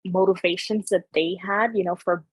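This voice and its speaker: Young Canadian woman host, slightly husky, loose and rambling, lots of "like", dry close sound. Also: lowish voice, steady tone, moderate pace, dry recording. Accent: Canadian, Ontario. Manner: rambling, heavy on filler "like". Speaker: podcast host. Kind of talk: casual chat.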